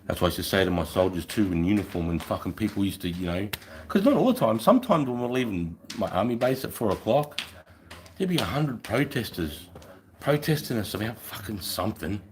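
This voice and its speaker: Blunt, profane Australian army veteran. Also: male voice, fairly low pitch, animated, brisk, a little hiss or hum. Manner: blunt, heavily profane storytelling. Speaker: former army soldier. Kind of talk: casual podcast chat.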